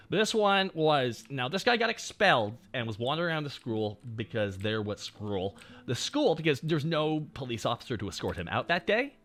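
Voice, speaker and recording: Young man, streamer, profane rambling storyteller, bright voice, very expressive pitch, faint music behind.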